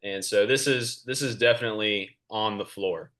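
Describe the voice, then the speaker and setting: A man, a college basketball official, explaining calls to a clinic audience in a clear, measured, confident way. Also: fairly low pitch, fairly bright tone.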